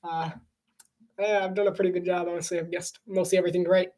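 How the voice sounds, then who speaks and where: A woman's voice: fairly low pitch, flat delivery, fast, mellow. Chatty playful woman calling a game. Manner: chatty and playful, laughs often. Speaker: live game commentator. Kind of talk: casual live sports commentary.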